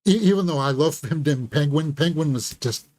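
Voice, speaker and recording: A man's voice: a little high, normal speed, darkish tone. A man hosting a live film review, thinking aloud and giving candid, critical verdicts. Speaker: movie reviewer and channel host. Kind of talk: live movie review commentary.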